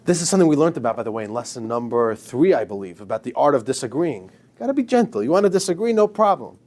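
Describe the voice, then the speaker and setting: A man's voice: mid-range voice, very animated, quick pace, darkish tone. A man, a rabbi, giving an informal, emphatic lecture to a class, joking with his students.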